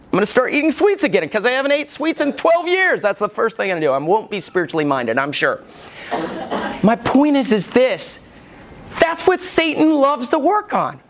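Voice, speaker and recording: A man's voice: extremely high pitch, big pitch swings, moderate pace. A pastor in his forties preaching a sermon in a church, candid and dramatic in his storytelling. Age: 40s.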